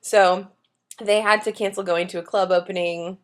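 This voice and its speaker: A woman's voice: mid-range voice, fairly even intonation, normal speed. A woman co-hosting a podcast, chatting casually and recapping an episode with playful jokes. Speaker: podcast co-host.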